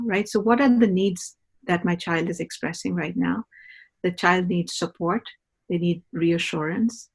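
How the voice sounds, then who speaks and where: Woman patiently explaining, lowish voice. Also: measured pace, vocal fry, breathy edge. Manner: patient teaching tone, often ends points with a questioning "right?". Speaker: mindful parenting educator. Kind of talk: explanatory podcast conversation.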